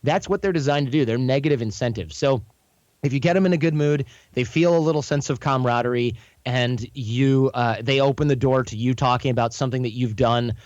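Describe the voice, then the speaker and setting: A man talks as a podcast guest, telling anecdotes in a quick, chatty flow and often restarting his sentences. His voice sits at an ordinary middle pitch. The audio is dull and slightly lo-fi, with no room sound around it. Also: darkish tone, dry recording. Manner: quick, chatty, anecdotal, frequent self-corrections. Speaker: podcast guest, charm coach. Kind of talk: casual conversational explanation.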